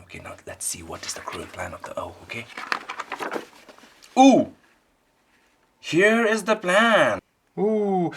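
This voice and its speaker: Animated man reading to kids. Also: lowish voice, gravelly, slight background noise. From Bhutan. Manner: animated, asks the children questions. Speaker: storyteller. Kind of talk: reading a picture book aloud to children.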